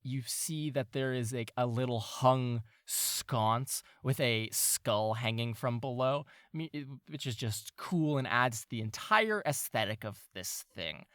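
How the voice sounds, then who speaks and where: A man's voice: medium pitch, animated, measured pace, few pauses, a bit bright, smooth, no echo. Man narrating as game master, dry sound. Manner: meandering, searching for words with fillers.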